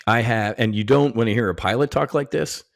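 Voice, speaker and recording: A middle-aged American man, a podcast guest, telling stories in casual, profane, animated talk full of slang and restarts. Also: medium pitch, fairly quick, vocal fry, no echo, studio quality. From United States. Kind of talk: casual conversation.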